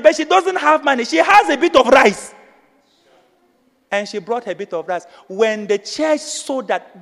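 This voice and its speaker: A man with a very high voice preaching a passionate sermon in a church. His delivery swings from hushed lines to loud, climbing shouts. The sound rings with long reverb in a big hall. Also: vocal fry. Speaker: pastor.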